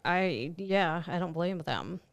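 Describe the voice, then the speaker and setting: A woman's voice: lowish voice, animated, slow pace, vocal fry, a loud crowd. A woman hosting a podcast, a supportive and encouraging listener. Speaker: podcast host. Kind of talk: casual conversational interview.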